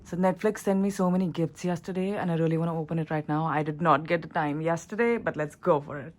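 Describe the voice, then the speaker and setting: A woman's voice: low voice, steady tone, fast, darkish tone. Chatty young woman vlogging from India. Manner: chatty and emotional, gushing. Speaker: lifestyle vlogger. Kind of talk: casual vlog talking to camera.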